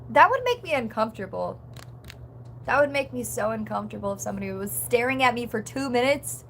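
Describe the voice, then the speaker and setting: A woman's voice: medium pitch, lively intonation, a little fast, creaky, a little hiss or hum. A young woman chatting casually on a livestream, rambling with lots of "like" and "um" and reading chat comments aloud.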